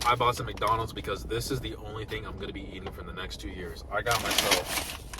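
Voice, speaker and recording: A young man vlogging casually about new laptops, swinging between loud excitement and mumbled asides. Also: lowish voice, a little fast, very noisy. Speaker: tech YouTuber.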